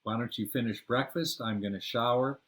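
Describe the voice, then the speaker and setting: A man's voice: medium pitch, fairly even intonation, normal speed, fairly bright tone, lightly acted. A man doing a cheerful hippie friend. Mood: friendly.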